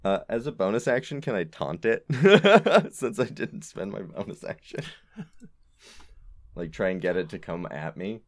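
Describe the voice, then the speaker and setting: A man's voice: fairly low pitch, expressive, a little slow. A man playing a tabletop game, laughing at himself and swearing freely as he calls his rolls. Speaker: player. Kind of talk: casual tabletop game play.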